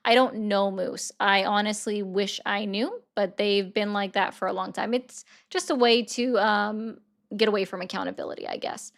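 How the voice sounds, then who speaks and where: A woman's voice: mid-range voice, steady tone, normal speed, vocal fry. A woman livestreamer with a light Southern accent chatting casually and rambling as she reads viewer comments. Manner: chatty, rambling, many fillers and restarts.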